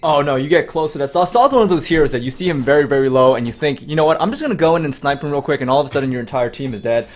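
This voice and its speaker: A man's voice: on the high side, racing, hardly any pauses. A man co-casting a live esports match, explaining the plays in an analytical way. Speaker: esports co-caster.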